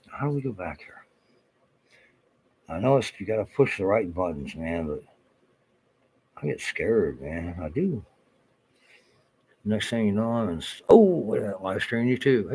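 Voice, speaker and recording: Older guy, very low voice, rambly and swearing, home livestream host. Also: a little mellow, a little hiss or hum, rough recording. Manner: swearing, flustered, talking to himself.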